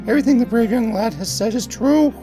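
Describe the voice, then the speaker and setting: A man's voice: very high-pitched, a little fast, over music. A man voicing a wise, long-winded owl who hoots and talks in grand, mysterious terms. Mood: grandly mysterious. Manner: hooting, grand and mystifying.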